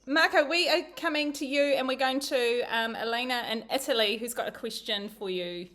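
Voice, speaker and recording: A woman's voice: on the high side, normal speed, fairly bright tone. A woman hosting a live fan Q&A and passing on viewer questions in a bubbly way. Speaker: host. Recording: echoey room.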